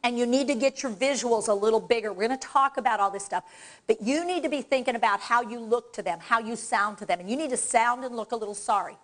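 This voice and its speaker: A woman trainer speaks at a live workshop, direct and energetic as she coaches the audience through exercises. Her voice sits fairly high, and she talks to the room from the front of a presentation space. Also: fast. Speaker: dementia care trainer.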